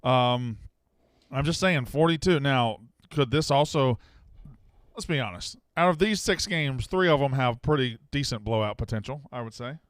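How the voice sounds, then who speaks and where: A man's voice: medium pitch, expressive, moderate pace, no echo, studio quality. A man hosting a casual sports betting podcast, joking and teasing his co-hosts. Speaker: podcast host.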